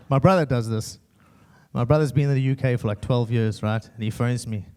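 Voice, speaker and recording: A man's voice: mid-range voice, moderate pace. A South African man performing a stand-up comedy set, acting out the people in his stories with put-on voices. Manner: animated, acts out quoted characters in put-on voices.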